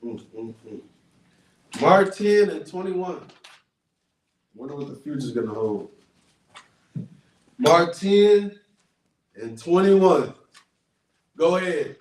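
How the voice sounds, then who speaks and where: A man with a high, ringing voice preaches loudly, repeating each verse in blunt slangy street talk and calling for the next one. The recording is echoey and he sounds set back from the mic. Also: big pitch swings, slow pace, long pauses, recorded from a distance, slight background noise. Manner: loud, emphatic, repeats and paraphrases verses, slangy. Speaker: street preacher teaching scripture. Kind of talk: street sermon with call and response.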